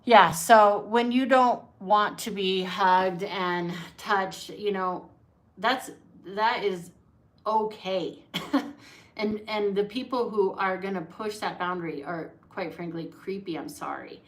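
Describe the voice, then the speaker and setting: A woman's voice: medium pitch, slow. A woman who teaches acting, talking casually to camera in a chatty, emphatic way, often checking in with "right?".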